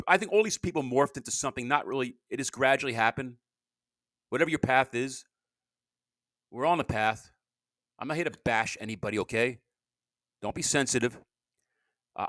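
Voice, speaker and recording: A man hosting his own amateur podcast, rambling in a self-deprecating solo monologue that swings between loud bursts and low mutters. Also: no echo, studio quality. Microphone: home podcast mic.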